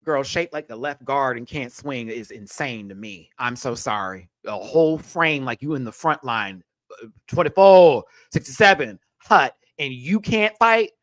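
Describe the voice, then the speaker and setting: A man hosting a live show review, ranting in an animated and profane way. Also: mid-range voice, moderate pace, hardly any pauses, dry recording, clean studio sound. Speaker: host.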